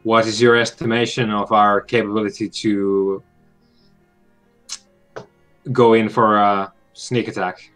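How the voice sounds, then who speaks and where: Man playing a measured, formal starship captain. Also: lowish voice, little pitch movement, a bit bright, faint music behind. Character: composed male starship captain on comms.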